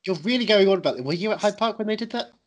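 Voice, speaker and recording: Teasing podcast host, quick banter. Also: male voice, high voice, animated. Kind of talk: casual comedic chat.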